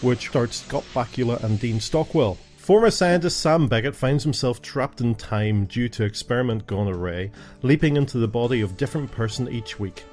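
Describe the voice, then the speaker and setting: A man's voice: mid-range voice, normal speed, darkish tone, soft background music. A middle-aged man hosting a casual family podcast, chatting and explaining TV shows to his kids, often stumbling and restarting. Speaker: podcast host and father.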